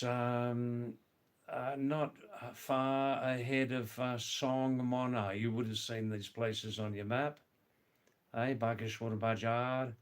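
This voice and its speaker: An older man hosting a casual livestream, reading viewer comments aloud in an unhurried way, repeating words and spelling out names. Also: mid-range voice. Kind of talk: casual chat.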